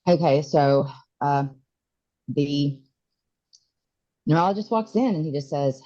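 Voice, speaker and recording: A woman in her forties tells a hard personal story as a podcast guest, often halting and restarting. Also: low-pitched, warm tone, highs cut off. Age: 40s. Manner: emotional, halting, many restarts. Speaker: interview guest.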